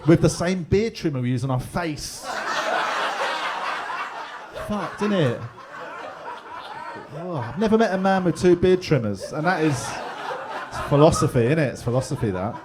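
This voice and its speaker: A man's voice: fairly high pitch, animated, normal speed, long pauses, very noisy. A middle-aged man with a London accent doing a chatty, laddish stand-up set, swearing freely and laughing along with his own story. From England. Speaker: stand-up comedian. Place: pub comedy room with live audience.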